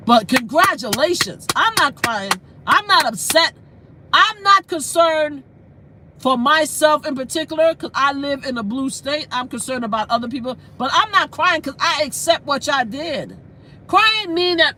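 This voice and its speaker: A woman talks straight into her phone from inside a car, her voice bright and forceful. She speaks bluntly and with emphasis, circling back to the same lines again and again in a heated live-stream rant. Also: high-pitched, animated, normal speed, a little hiss or hum.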